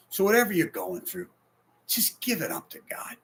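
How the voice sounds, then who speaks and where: A man in his forties preaching a heartfelt sermon, swinging between loud bursts and hushed, near-whispered lines. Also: high voice, wildly swooping pitch, moderate pace, husky. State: sleepless and stressed. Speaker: pastor.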